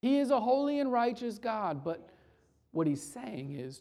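A man preaching a sermon in a conversational way. He often restarts his words and drops into soft, hushed stretches. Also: very high voice, sing-song, unhurried. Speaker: pastor.

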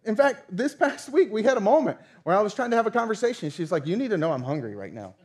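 Male pastor, thirties, slightly high voice, animated storyteller who acts out quotes. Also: quick pace. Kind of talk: sermon.

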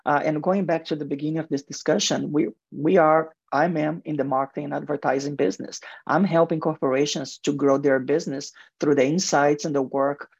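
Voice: medium pitch, fairly even intonation, fairly quick, vocal fry, few pauses, darkish tone, husky, dry recording. A guest in marketing and advertising speaks earnestly in a radio interview with a heavy accent and frequent restarts. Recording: dull lo-fi radio sound, dry.

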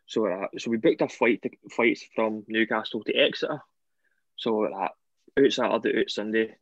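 A man who is a former footballer talking in a relaxed, hesitant way in a casual interview. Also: lowish voice, moderate pace, no room sound. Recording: dry, dull lo-fi sound.

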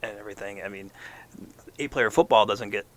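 A man's voice: on the low side, fairly quick. A man co-hosting a sports podcast, interviewing young athletes in a chatty, easygoing way. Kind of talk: casual interview.

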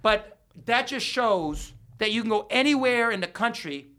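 A man's voice: high-pitched, expressive, moderate pace, sharp tone. A man hosting a podcast, telling rambling stories in casual, profane chat. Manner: profane, storytelling. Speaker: podcast host.

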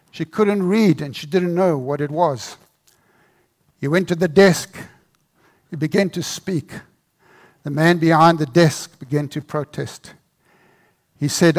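A male pastor telling a story in a sermon, dramatic and dropping to a hushed voice at tender moments. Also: on the high side.

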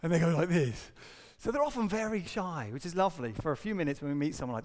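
A middle-aged man, a pastor, preaching an earnest sermon and acting out quotes and stories with lively shifts. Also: a little high, quick pace, hardly any pauses, long reverb tail. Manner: earnest, animated storytelling with acted-out quotes.

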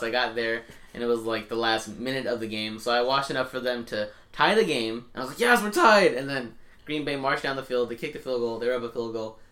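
A young man co-hosting a podcast, telling stories in a lively, casual way with offhand swearing. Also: mid-range voice. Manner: animated storytelling, swearing casually. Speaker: podcast co-host. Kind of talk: casual chat.

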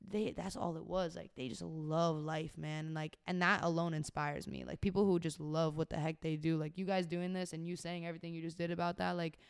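A young woman of about twenty-one, a podcast guest telling her story in a casual conversation, animated and full of "like" and "you know". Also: deep voice, brisk, few pauses, clear, resonant tone. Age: young adult, about 21.

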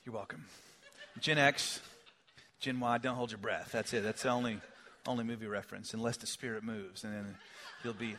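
A middle-aged man preaching a sermon, swinging from loud emphasis down to hushed, near-whispered lines. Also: on the low side, steady tone, normal speed, long pauses, a little hiss or hum. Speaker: pastor.

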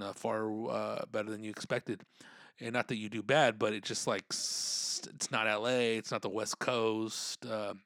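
A man's voice: lowish voice, fairly bright tone, no room sound, studio quality. A stand-up comedian hosting his podcast, a man chatting casually in laid-back slang with many filler words. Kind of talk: casual chat.

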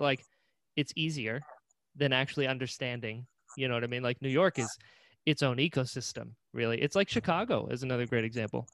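A man's voice: medium pitch, dry recording. A man hosting a podcast, chatting casually and agreeing often with his guest. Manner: relaxed, chatty, frequent short agreements and laughs. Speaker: podcast host. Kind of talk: casual interview chat.

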